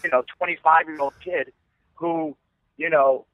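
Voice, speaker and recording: An excitable man of forty from the East Bay rambles through a story as a podcast guest. His voice sits a little high and comes through a tinny phone line. The sound is dry, with no room around it. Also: normal speed, no room sound. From East Bay, California. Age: 40s. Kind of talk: casual podcast chat.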